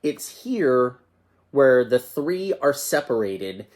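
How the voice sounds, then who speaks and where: A man's voice: medium pitch, big pitch swings, slow pace, darkish tone. A man hosting a casual movie review show, talking enthusiastically and conversationally. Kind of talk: casual chatty film review.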